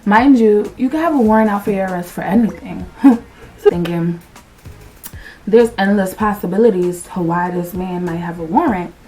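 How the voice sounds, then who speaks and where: A young adult woman telling a storytime on her vlog, animated and slangy, swearing freely and acting out what people said. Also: mid-range voice, normal speed, recorded from a distance, faint music behind. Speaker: vlogger. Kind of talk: casual storytime.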